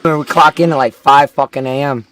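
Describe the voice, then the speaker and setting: A man's voice: medium pitch, fairly even intonation, brisk, fairly bright tone, a little hiss or hum. A young man livestreaming a game while telling a rambling, profane story full of filler words.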